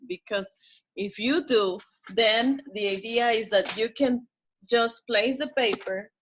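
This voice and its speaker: Slow, bright-voiced woman teaching pronunciation. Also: mid-range voice, a little hiss or hum. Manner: patient, repeats and drills example words. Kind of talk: recorded online lesson. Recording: slightly dull lo-fi audio.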